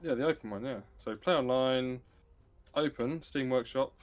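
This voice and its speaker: Male gamer, mid-pitched, quiet and low-key, walking through menus on voice chat. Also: normal speed. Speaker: player in the online session. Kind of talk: casual voice chat.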